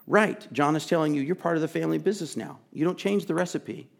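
Earnest preacher, high for a man. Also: quick pace, gravelly, few pauses. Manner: earnest, emphatic, conversational preaching with asides; drops to a soft, intimate tone to plead. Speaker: pastor. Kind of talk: sermon.

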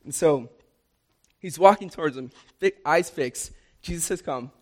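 A man's voice: fairly high pitch, unhurried. A young man preaching a sermon, earnest and emphatic, repeating key lines for stress.

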